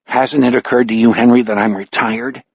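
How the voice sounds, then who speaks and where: A man voicing a weary retired male homicide detective in an audiobook, terse and guarded, with a husky tone. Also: medium pitch, steady tone, normal speed, dry recording, highs cut off. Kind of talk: audiobook character voice.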